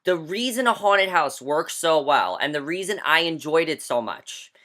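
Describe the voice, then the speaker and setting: Young male reviewer with a bright, sharp voice, ranting with emphatic, exasperated delivery full of "like" fillers. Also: on the high side, lively intonation, normal speed. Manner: emphatic and exasperated, heavy use of "like". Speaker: movie reviewer. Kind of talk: casual ranting movie review.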